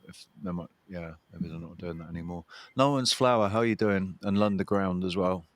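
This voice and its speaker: A man with a low, deep voice hosts a casual livestream, chatting loosely and greeting viewers by name. His voice sounds dry and close, with almost no room around it. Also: moderate pace, no room sound. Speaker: livestream host. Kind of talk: casual chat.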